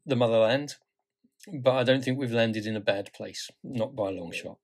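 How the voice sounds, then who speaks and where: An older man from the UK chats easily as a podcast co-host. His voice sits at an ordinary middle pitch, and it jumps up with energy whenever he stresses a point. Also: moderate pace. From United Kingdom. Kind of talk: casual conversation.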